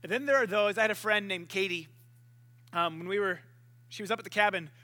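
A man's voice: high-pitched, a little fast, sharp tone. A man preaching a casual sermon, joking and acting out voices as he tells the story.

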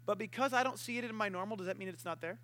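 A young man preaching a sermon, animated and playful, acting out voices and barking to make his point. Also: high-pitched, rapid-fire.

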